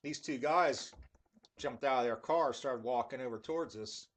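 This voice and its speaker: A man telling casual stories with many fillers, then reviewing a pipe tobacco in a relaxed, rambling way. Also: mid-range voice, normal speed. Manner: laid-back rambling with fillers.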